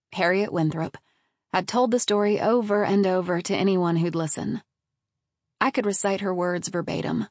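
In a lowish voice, a woman reads scripted audiobook narration at a steady, even pace. The studio recording is clean, with no room sound.

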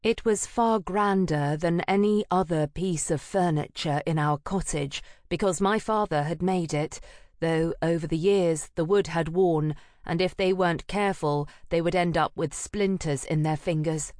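A woman narrating a first-person fantasy audiobook in an even, measured, subdued manner. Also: fairly low pitch, no room sound, studio quality.

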